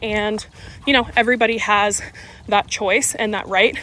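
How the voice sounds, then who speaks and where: A woman talking to camera, measured and reflective about speaking out. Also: mid-range voice, fairly even intonation, bright, forceful tone, a little hiss or hum, poor audio.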